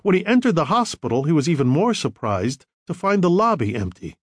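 A man narrating a novel as an audiobook, in measured, expressive storytelling. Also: a little high, breathy edge, no room sound, clean studio sound. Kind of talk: scripted narration.

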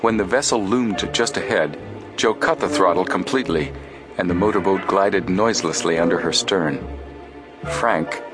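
A man narrating an adventure audiobook in a steady, measured storytelling voice. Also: low voice, over music. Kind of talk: scripted narration.

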